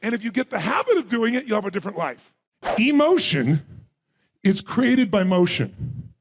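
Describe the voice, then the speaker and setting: A man giving a live seminar address as a motivational speaker, firing rapid questions and commands at the audience. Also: high-pitched, big pitch swings, background noise. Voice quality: gravelly, husky voice.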